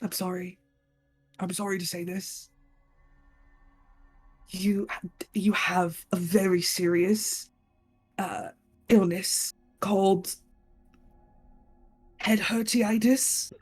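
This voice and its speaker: A woman voicing a small girl who pretends to be a solemn doctor, speaking slowly and softly. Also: medium pitch, steady tone, breathy edge, faint music behind. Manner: slow, grave, hushed.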